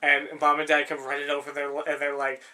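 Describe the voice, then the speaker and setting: A man's voice: fairly high pitch, completely flat delivery, fairly quick, bright, forceful tone, clear, resonant tone. A young man co-hosting a podcast in casual chat, rambling and swearing freely, laughing often. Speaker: podcast co-host.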